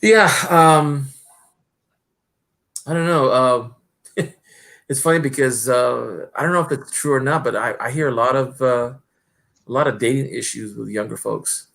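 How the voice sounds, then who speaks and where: A man's voice: medium pitch, a little slow, creaky, long pauses, a bit bright. A middle-aged man hosting a stream, chatting casually and rambling with lots of fillers and restarts. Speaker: stream host. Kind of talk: casual chat.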